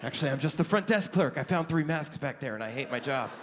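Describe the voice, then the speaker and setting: Guy putting on a creepy flat-voiced front desk clerk, low and quiet, spooky then fed up with his job, stand-up bit. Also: quick pace, background noise, lightly acted. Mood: weary. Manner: low, flat, deadpan delivery.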